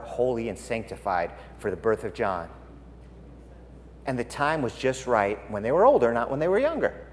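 A man preaching a sermon, animated and swinging between loud and hushed. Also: mid-range voice, long reverb tail, slight background noise.

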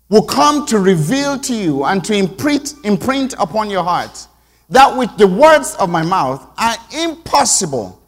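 Preacher man, slightly high voice. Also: long reverb tail. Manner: builds from quiet reflection to loud emphatic call-and-response. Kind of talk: sermon. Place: church sanctuary.

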